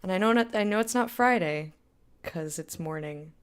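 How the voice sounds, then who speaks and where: A woman's voice: lowish voice, lively intonation, normal speed. Young female game streamer, casual and rambling, easy laugher. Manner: chatty, laughs often, rambling tangents. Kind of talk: casual chat with stream viewers.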